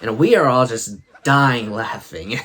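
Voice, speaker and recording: A man's voice: mid-range voice, lively intonation, slow pace, fairly bright tone, a little hiss or hum. A man hosting a comedy show, telling funny stories to the camera and laughing as he talks. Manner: chuckling, laughing through his stories. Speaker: host. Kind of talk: comic storytelling to camera.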